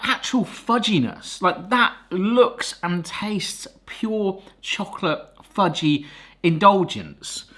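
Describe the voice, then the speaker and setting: A man hosting a casual cooking vlog, chatty and quick to exclaim over the food. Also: fairly high pitch. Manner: chatty, excitable, exclaims often. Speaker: cooking video host.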